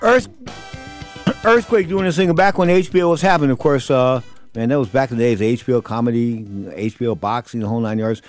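A man hosting a boxing radio talk show, hoarse as his voice gives out, rambling with repeated stock phrases. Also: mid-range voice, fairly quick, soft background music. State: hoarse, voice giving out.

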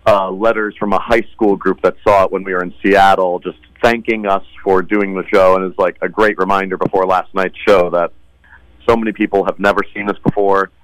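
A man's voice: low-pitched, flat delivery, brisk, dry recording, poor audio. A man who acts in musical theater, answering interview questions in an earnest, conversational way. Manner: earnest, repeats words when starting. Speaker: musical theater actor guest.

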